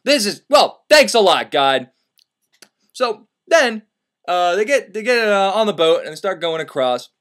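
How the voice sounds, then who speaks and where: A man's voice: high-pitched, very animated, measured pace, fairly bright tone. A man retelling a classic story as crude comedy, profane and sarcastic. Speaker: host.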